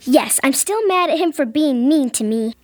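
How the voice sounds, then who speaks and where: A woman's voice: sits high, expressive, normal speed, no echo. A woman voicing a young girl who is hurt and sulky with her brother, in a pouty, whiny child's voice, in a family audio drama. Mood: upset.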